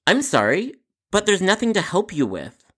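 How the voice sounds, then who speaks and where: A man's voice: high voice, huge pitch swings, normal speed, sharp tone, breathy edge. A man hosting a podcast, narrating a customer service story with an exasperated, sarcastic inner monologue. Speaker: podcast host.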